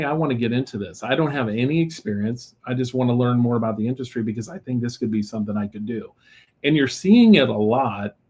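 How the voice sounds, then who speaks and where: Male podcast guest, mid-pitched, relaxed, talkative, filler-heavy. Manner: relaxed and talkative, with many fillers and "you know". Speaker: guest, lighting company executive. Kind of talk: casual interview chat.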